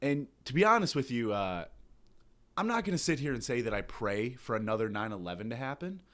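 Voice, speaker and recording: A young man hosting a comedy podcast, ranting loudly and profanely in mock outrage, hungover. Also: medium pitch, very animated, a little fast. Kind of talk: satirical comedy rant.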